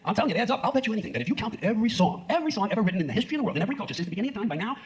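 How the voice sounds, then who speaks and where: A man's voice: high voice, very animated, rapid-fire, hardly any pauses. A man performing a stand-up routine on stage, ranting in a profane, sarcastic way. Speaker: stand-up comedian. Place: stage in front of an audience.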